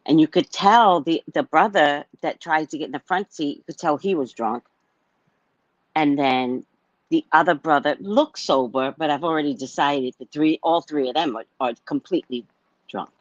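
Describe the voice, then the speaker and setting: A woman's voice: deep voice, moderate pace, no room sound, lo-fi sound. A woman telling a personal story in a casual monologue, blunt and swearing freely as she acts out a heated argument. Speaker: psychic reader sharing a personal story.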